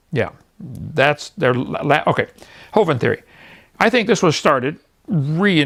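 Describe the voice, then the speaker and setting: This man's voice is fairly high with vocal fry. He's a sixty-something evangelist whose preaching talk mocks and scorns opposing views, laughing at them while he tells animated stories and voices the characters he quotes.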